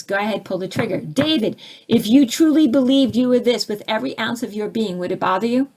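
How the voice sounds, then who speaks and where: A woman's voice: on the high side, expressive, a little fast. A woman spiritual teacher answering audience questions, who acts out little scenes with sudden swings in her voice.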